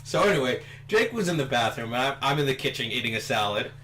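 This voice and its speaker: A man's voice: mid-range voice, quick pace, soft background music. A young man casually telling a funny story during a gameplay session, laughing as he talks. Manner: laughs through his story, animated. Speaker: gaming commentator.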